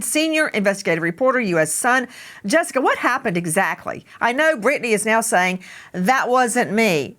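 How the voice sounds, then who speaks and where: A woman hosting a crime news show, emphatic and opinionated, often speeding up and slowing down. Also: mid-range voice, a bit bright. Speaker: host.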